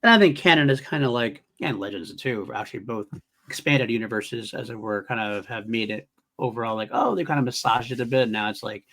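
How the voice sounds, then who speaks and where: Bright-voiced man co-hosting a podcast. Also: mid-range voice, a little fast. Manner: animated, laughs often, talks in restarts. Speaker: podcast co-host. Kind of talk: casual chat.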